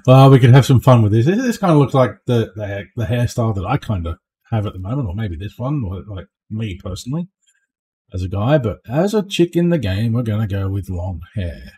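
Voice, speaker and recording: A man's voice: fairly low pitch, lively intonation, normal speed, darkish tone, slightly rough. A man chatting casually while he plays a game on stream, joking along and often ending lines with a questioning "eh?". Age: adult. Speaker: streamer playing a space game. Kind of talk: casual gameplay commentary.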